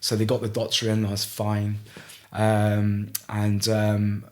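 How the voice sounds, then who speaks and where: A middle-aged man from Gloucester, telling a story as a podcast guest in a halting way, with frequent restarts. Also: lowish voice, completely flat delivery, a little mellow. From Gloucester, England. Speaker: guest, ice swimmer. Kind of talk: casual storytelling in a podcast interview.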